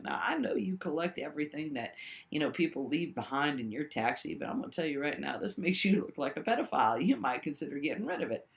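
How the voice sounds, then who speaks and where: A woman telling a rambling personal story to the camera, swinging between high exclaims and low mutters and often checking in with the listener. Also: gravelly. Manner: keeps checking in with the listener with "right?".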